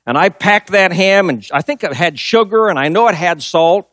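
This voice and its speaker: A man's voice: high-pitched, lively intonation, normal speed, fairly bright tone, no echo, studio quality. A middle-aged male pastor preaching a sermon, telling a personal story and driving points home with emphatic repetition.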